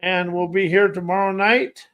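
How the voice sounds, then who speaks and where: A man's voice: high-pitched, little pitch movement, normal speed, fairly bright tone. A man hosting a podcast, delivering a rhythmic, poetic motivational monologue full of listed words. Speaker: podcast host. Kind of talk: spoken-word motivational monologue.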